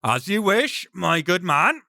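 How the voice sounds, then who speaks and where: A man voicing a menacing, smooth-talking brigand with a mocking, silky courtesy. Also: sits high, sing-song, takes it slowly, sharp tone, no echo, studio quality, voice pushed up, full character voice. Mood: taunting.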